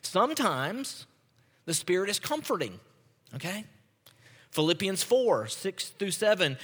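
A man preaches in a conversational way, often tossing "right?" back to the congregation. His voice sits a little high and sounds bright and forceful. A long reverb trails behind him in a large sanctuary. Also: big pitch swings, measured pace, pauses often, breathy edge. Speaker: pastor. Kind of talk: sermon.

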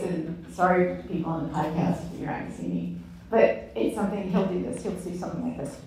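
A woman's voice: lowish voice, a little fast. Candid woman speaking in an echoey room. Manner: candid, self-mocking, animated storytelling. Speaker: Bible study speaker. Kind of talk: sermon-style teaching talk. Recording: echoey room from far off, faint ambience.

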